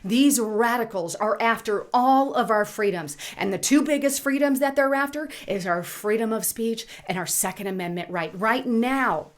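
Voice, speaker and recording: A woman's voice: a little high, moderate pace, few pauses. A woman hosting a political commentary channel, speaking urgently and indignantly while reading headlines. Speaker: channel host.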